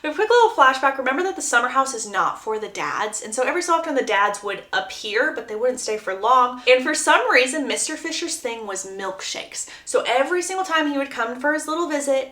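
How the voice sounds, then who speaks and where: A woman giving a chatty, animated plot recap, laughing often and acting out the lines she quotes. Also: high voice. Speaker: book recap youtuber. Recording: roomy echo.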